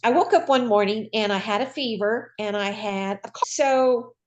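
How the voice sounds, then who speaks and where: A woman, a retired nurse, telling her own patient story in a lively, folksy conversational way. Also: on the high side, moderate pace. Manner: lively, acts out voices in quoted dialogue. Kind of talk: personal storytelling.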